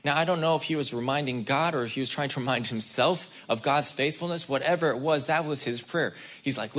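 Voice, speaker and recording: A man's voice: mid-range voice, fairly quick, hardly any pauses, fairly bright tone. A man preaching a conversational sermon, talking straight to the congregation and acting out the people in the story. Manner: casual and chatty, addresses the congregation directly. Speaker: guest preacher.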